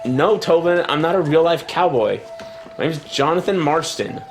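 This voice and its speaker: A man's voice: on the high side, lively intonation, moderate pace, soft background music. A man co-hosting a game stream, joking and laughing through casual chat. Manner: joking, playful, laughs often. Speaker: co-host playing a game on stream.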